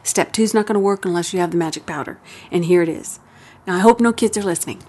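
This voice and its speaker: A woman hosting a parenting advice show, explaining step by step in a calm, steady way. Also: on the low side, quick pace. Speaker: parenting radio host. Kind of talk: advice talk.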